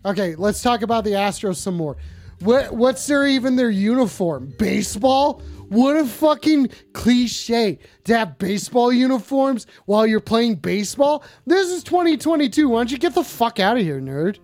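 A man's voice: very high-pitched, animated, normal speed, darkish tone, soft background music. A man hosting a casual call-in stream, rambling and joking with lots of swearing. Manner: profane, rambling, jokey. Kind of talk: casual crude call-in show.

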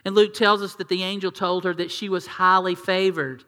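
A man's voice: high voice, level tone, normal speed, pushed and bright, smooth. A male pastor preaching a sermon in a conversational way, asking the congregation questions and acting out quotes. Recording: long reverb of a large hall.

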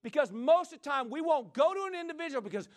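A middle-aged man preaching a sermon as senior pastor, swinging between loud, animated bursts and quiet asides while calling out to the congregation. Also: very high voice, quick pace. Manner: calls out to the congregation.

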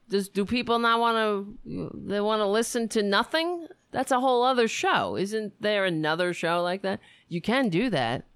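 A woman's voice: medium pitch, moderate pace, gravelly, hardly any pauses, clean tone, dry recording. A woman hosting her own live-streamed talk show, rambling through a casual monologue, swearing freely and poking fun at herself. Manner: animated, digressive, swears freely, self-mocking.

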